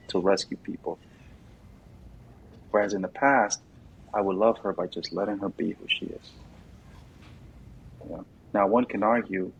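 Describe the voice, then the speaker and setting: Guy with a gravelly low voice telling his story, gets loud and animated. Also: low-quality recording. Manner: animated, acts out quoted voices loudly. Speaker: guest. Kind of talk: casual interview talk.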